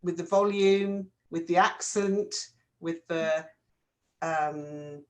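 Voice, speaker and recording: A woman's voice: fairly low pitch, slow, a little mellow. Reflective woman explaining in a therapy chat. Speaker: co-host, therapist.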